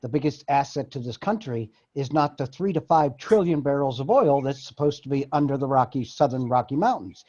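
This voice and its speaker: A male host drives his argument home with emphatic conviction. His voice is husky and swings widely in pitch. The recording sounds dull and lo-fi. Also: lively intonation, fairly quick, hardly any pauses, dark tone. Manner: emphatic, preachy. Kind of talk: casual talk show chat.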